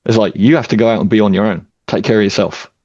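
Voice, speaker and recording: A man hosting a casual podcast, speaking in a relaxed, reflective way and thinking aloud with the odd filler. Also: on the low side, quick pace, no room sound, dull audio. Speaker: podcast host and father.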